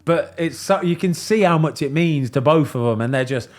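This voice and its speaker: A man, hosting a podcast and chatting casually, telling stories in a lively way and acting out what people said. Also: fairly high pitch, normal speed. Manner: animated storyteller, voices quoted people. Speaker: podcast host. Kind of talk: casual chat.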